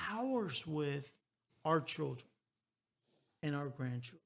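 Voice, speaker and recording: A man in his early sixties hosting a talk radio show, earnest and halting, repeating words as he goes. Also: fairly high pitch, vocal fry. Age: 60s. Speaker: radio host. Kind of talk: casual talk radio chat.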